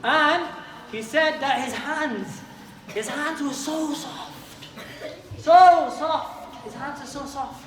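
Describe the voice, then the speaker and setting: A man giving a lively talk to a youth group, questioning and calling out to his listeners. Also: extremely high pitch. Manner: animated, questions and calls out to listeners. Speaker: youth teacher. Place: community hall with young audience. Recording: roomy hall, distant mic, crowd behind.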